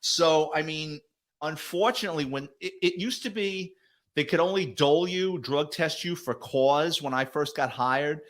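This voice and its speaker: A retired police detective, middle-aged, tells casual guest stories with lots of cursing, slipping into the voices of the people in them. He's animated and profane, and his slightly high voice moves at a normal speed.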